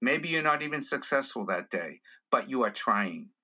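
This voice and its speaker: A male comedian tells a story as a podcast guest, animated and quick to slip into voices. His voice is bright and clear, at an ordinary pitch. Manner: animated storyteller who slips into character voices.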